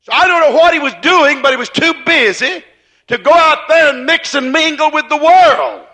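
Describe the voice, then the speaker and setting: A man preaching. His tone is bright and forceful, and he tells the story in a folksy way, pushing up to shouts. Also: very high voice, moderate pace. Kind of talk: sermon.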